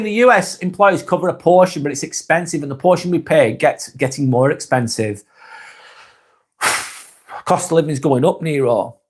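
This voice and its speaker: A man hosting a live stream, reading viewers' comments aloud and chatting back in a relaxed, easygoing way. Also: medium pitch, husky. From England. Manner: laid-back, chatty, trails off softly at phrase ends.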